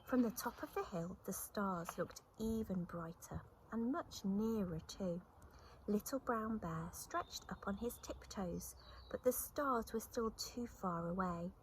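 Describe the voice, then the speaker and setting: A woman reading a children's story aloud, expressive and animated, often dropping to a whisper. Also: medium pitch, unhurried, a little hiss or hum, poor audio.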